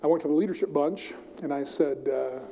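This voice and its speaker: A man's voice: fairly high pitch, a little fast, creaky, a little hiss or hum. A middle-aged male pastor preaching a sermon, telling stories animatedly and acting out the characters. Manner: storytelling, animated, acts out the characters. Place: church sanctuary. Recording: long reverb of a church hall.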